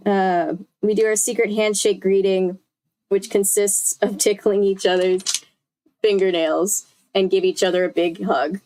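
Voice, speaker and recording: A woman's voice: mid-range voice, steady tone, unhurried, mellow. Chatty young woman reading aloud. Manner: chatty, with self-corrections and asides to chat. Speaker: streamer reading a book aloud. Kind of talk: casual live read-aloud.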